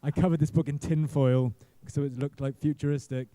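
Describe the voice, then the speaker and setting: A middle-aged man, a guest actor, telling rambling self-deprecating stories at a convention panel, full of halting restarts. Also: fairly high pitch, steady tone, dark tone, no room sound. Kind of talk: casual convention panel storytelling.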